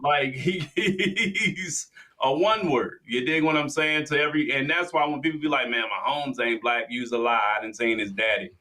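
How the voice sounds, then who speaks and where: A man's voice: mid-range voice, little pitch movement, a little fast, hardly any pauses, sharp tone. A man co-hosting a casual sports talk podcast, laid-back and slangy. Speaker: podcast co-host.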